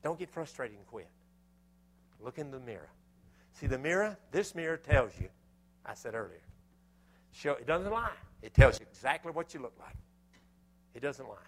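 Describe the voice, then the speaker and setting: A man preaching a sermon, telling a personal story with animated, self-scolding exclamations before closing in prayer. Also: medium pitch, normal speed, long pauses.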